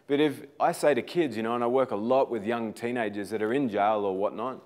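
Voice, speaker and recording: A man's voice: medium pitch, a little fast, darkish tone. A middle-aged Australian man giving an earnest, inspirational talk, telling personal stories and sometimes repeating words as he builds toward emphatic points. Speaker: motivational speaker.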